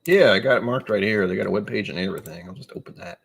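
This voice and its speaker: Husky, low-voiced rambling man. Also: racing. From New England. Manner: rambling, wry, sudden animated asides. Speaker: streamer. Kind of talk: casual live-stream chat reading viewer comments.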